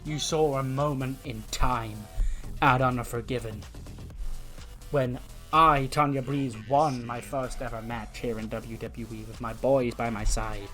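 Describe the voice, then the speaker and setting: A man voicing a brash female wrestler cutting a slow, drawn-out promo. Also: mid-range voice, fairly even intonation, fairly bright tone, soft background music, close to an everyday voice. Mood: showy.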